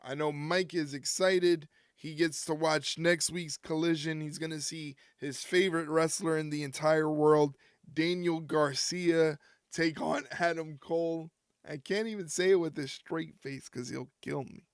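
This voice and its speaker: A man's voice: a little high, steady tone, measured pace, clear, resonant tone, no room sound, clean studio sound. A man hosting a wrestling watch-along stream, chatting casually and teasing a friend. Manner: joking, teasing a co-viewer. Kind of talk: casual live-stream commentary.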